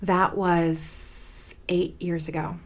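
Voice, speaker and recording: A woman in her forties hosting a podcast, telling a personal story in a dramatic, expressive way. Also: on the low side, very slow. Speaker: podcast host.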